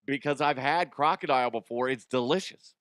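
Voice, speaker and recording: A man hosting a comedy news show, ranting crudely and mocking the stories, with quick jumps into silly voices. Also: mid-range voice, a bit bright, clear, resonant tone, dry recording, clean studio sound. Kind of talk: profane comedic news commentary.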